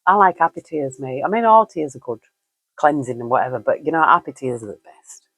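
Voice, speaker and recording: Low-voiced woman chatting through a tarot reading. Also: expressive, a little fast, fairly bright tone, slightly rough, no echo. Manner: chatty and musing, with frequent fillers and easy laughs. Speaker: tarot reader. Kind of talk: casual spoken tarot reading.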